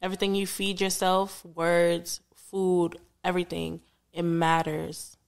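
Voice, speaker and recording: A woman's voice: fairly low pitch, level tone, a little slow, creaky, clear, resonant tone. A young woman, a podcast guest, chatting casually and rambling with frequent restarts. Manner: rambling, restarts often, laughs a lot.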